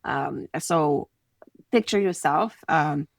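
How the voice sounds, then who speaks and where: Quebec French-accented woman, podcast guest coach, lowish voice, close and dry, animated storyteller. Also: slow, vocal fry, no echo. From Quebec City, Canada. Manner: animated, acts out little scenes in quoted voices. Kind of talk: conversational podcast interview.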